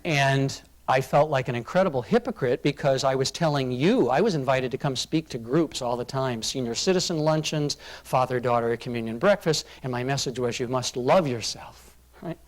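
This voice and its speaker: A man giving a talk to an audience, telling a personal story in an earnest, confessional way and dropping to a hush for painful parts. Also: mid-range voice, normal speed. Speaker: corporate diversity speaker. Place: conference room before a live audience.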